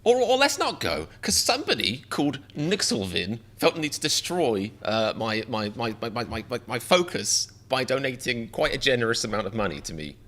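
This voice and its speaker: Male live reactor; bright, animated, jokey and self-mocking. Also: medium pitch, moderate pace, hardly any pauses. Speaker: reaction streamer.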